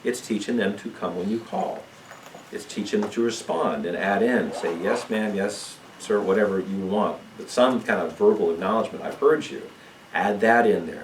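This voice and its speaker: A man with a very low voice teaches a church parenting seminar, calm and explanatory. He sounds distant from the microphone, in a room full of echo. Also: a little hiss or hum. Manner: calm, explanatory, asks "okay?" often. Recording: echoey room, mic far off.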